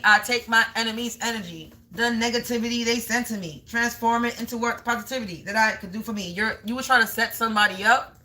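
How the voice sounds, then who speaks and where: A woman's voice: on the high side, quick pace, hardly any pauses, pushed and bright. A woman doing a live tarot card reading as a spiritual reader, taunting and scolding a commenter and repeating her phrases.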